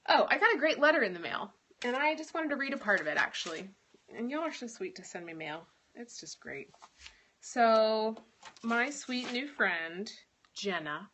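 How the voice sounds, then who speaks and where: A woman's voice: a little high, expressive, normal speed, fairly bright tone, a little hiss or hum. A young woman hosting a casual live stream, talking earnestly about her faith, with frequent ums and little laughs. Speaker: live-stream host and author.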